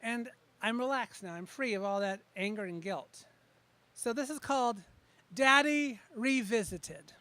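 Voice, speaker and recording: A man reading his own poems at an open mic. He introduces each piece in a chatty way, then reads slowly and with emphasis. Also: very high voice, bright, forceful tone, dry recording. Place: open mic venue, live before a small audience.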